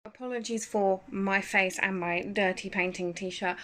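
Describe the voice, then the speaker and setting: A woman speaks into her phone just after waking, in a chatty, wry storytelling tone. Her voice is bright and clear, at a middle pitch for a woman. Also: steady tone, measured pace, a little hiss or hum. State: just woken up. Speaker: parent telling a story. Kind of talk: casual storytelling to camera.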